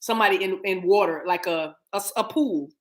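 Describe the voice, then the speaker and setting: A middle-aged woman giving a casual spiritual card reading to viewers, animated and encouraging, acting out little scenes with sounds. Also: mid-range voice, a little fast. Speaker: spiritual reader.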